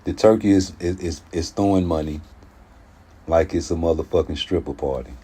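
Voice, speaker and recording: A man giving casual boxing commentary in a slangy, profane, animated way. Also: deep voice, moderate pace, slight background noise.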